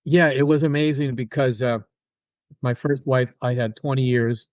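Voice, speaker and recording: An older guest musician swaps personal stories in a casual interview, speaking at normal speed in a mid-range voice with no echo. He's animated and imitates the voices of the people he quotes.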